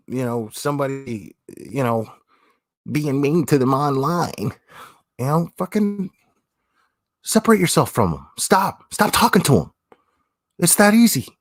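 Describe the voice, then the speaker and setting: A man holds forth on his livestream in a blunt, profane way, repeating himself for emphasis. His voice is husky and swings up and down a lot. The sound is dry and close. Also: medium pitch, no echo. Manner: blunt, swearing, repeats phrases, says "man" often. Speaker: livestream host. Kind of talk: blunt opinionated livestream talk.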